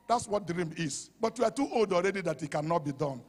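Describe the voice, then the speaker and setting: Fervent Nigerian pastor in a reverberant hall. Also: male voice, high-pitched, expressive, fast. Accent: Nigerian English. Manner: fervent, shouting at peaks, dropping to a hush for quoted asides. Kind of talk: sermon. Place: church hall.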